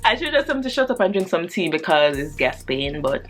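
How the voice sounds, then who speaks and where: A woman in her twenties telling a personal story on her casual vlog, animated and chatty, with slang and swearing. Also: deep voice, a little fast, soft background music. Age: 20s.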